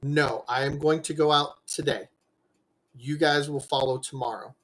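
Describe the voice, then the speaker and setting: A man voicing an earnest male merchant patron who bargains in a steady, insistent way. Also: a little high, moderate pace, poor audio. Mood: firm. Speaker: game master.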